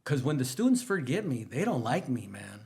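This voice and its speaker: A man, a teacher guesting on a podcast, telling stories in an animated, rambling way that jumps from one topic to the next. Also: moderate pace. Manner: animated, rambling, jumps between stories, emphatic pitch rises. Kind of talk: casual storytelling interview.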